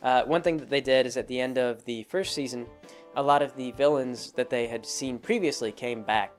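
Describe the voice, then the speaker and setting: A man talking casually as a show host, at an ordinary middle pitch. He rambles, circling back with lots of fillers and restarted sentences. Faint music sits softly behind his voice. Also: moderate pace. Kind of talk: casual spoken commentary.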